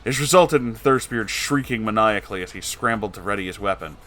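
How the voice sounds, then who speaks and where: A man with a fairly low, slightly bright voice reads a storybook tale aloud at a brisk pace. His delivery is theatrical, and he shifts into distinct voices for the characters as he dramatizes the story.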